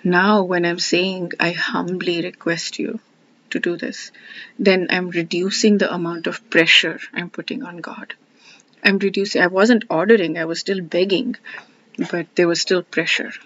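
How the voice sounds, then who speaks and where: An earnest woman speaks in a reflective personal monologue, circling back over the same phrases as she works things through. In the guided parts she softens almost to a whisper. The recording sounds dull and lo-fi. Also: lowish voice, steady tone, moderate pace. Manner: earnest, repeats phrases, softens to a near whisper when guiding. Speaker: spiritual self-help speaker.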